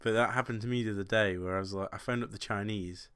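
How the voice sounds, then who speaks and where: A man's voice: fairly low pitch, fairly even intonation, quick pace, a bit bright, clean tone. A young British man co-hosting a casual podcast. He tells stories about his own awkward moments in a rambling way and laughs at himself often. He keeps the tone loose and chatty. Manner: rambling, self-deprecating storytelling with frequent laughs. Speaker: podcast co-host. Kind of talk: casual chat.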